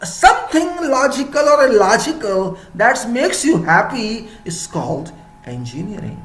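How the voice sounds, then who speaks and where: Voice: medium pitch, big pitch swings, a little slow, fairly bright tone, echoey room. An engineering lecturer in a rambling, playful monologue who asks rhetorical questions and answers them.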